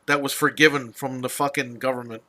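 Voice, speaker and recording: A man's voice: medium pitch, steady tone, fairly quick, bright, forceful tone. Tense, profane ranting man. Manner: profane, exasperated storytelling. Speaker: podcast host. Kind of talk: casual ranting chat.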